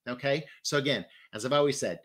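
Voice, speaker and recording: A man's voice: mid-range voice, fairly quick, a bit bright. A man hosting a casual flower-arranging demonstration, chatty and enthusiastic as he works. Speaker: floral designer host.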